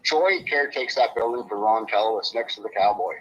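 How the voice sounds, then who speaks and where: A man's voice: fairly low pitch, expressive, brisk, fairly bright tone, breathy edge, dull audio. A man speaking as an interview guest, blunt and swearing freely, his voice rising when he gets upset. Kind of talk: emotional interview on a live stream.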